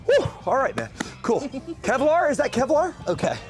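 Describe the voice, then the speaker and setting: High-voiced man joking through a crowd. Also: sing-song, normal speed. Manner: joking, greeting people, crude banter. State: out of breath. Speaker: show host. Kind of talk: casual walk-through vlog. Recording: music playing loud behind.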